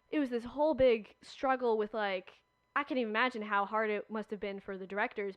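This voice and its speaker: A young woman, a podcast guest, telling stories in a chatty, animated way with many fillers. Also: medium pitch, clean tone, no echo, muffled recording. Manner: chatty, animated storytelling with frequent "like". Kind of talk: casual chat.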